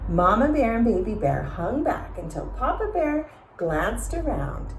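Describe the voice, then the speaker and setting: A woman reading a children's story aloud, slow and expressive, pausing to ask the listeners questions. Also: a little high, slight background noise. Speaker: storytime reader. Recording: echoey room.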